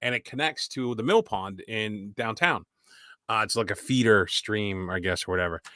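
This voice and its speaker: Bright-voiced New man telling stories. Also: lowish voice, moderate pace, dry recording, clean studio sound. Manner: rambling anecdotal storyteller, relaxed. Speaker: podcast co-host. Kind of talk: casual chat.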